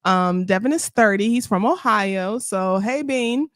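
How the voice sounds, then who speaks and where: A woman's voice: medium pitch, measured pace, no echo, studio quality. Laughing woman reading profiles aloud. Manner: laughs often, reads in a flat listing way. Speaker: podcast co-host.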